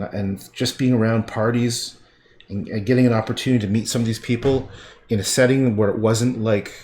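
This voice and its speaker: A middle-aged man from Canada chatting casually while painting, with rambling, profane asides that often trail off quietly. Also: fairly low pitch, a little hiss or hum. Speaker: livestreaming painter.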